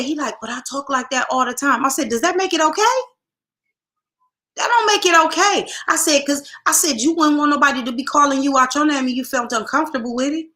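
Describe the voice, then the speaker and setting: An emphatic woman with a bright, high voice co-hosts a podcast, reading listener comments in casual opinion talk. She tells stories repetitively, restarting as she goes.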